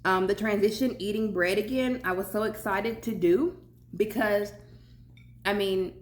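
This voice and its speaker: A woman's voice: medium pitch, fairly even intonation, measured pace, reverberant. A young woman with a Southern US accent, chatting casually while eating and talking with her mouth full in her home kitchen. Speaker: vlogger.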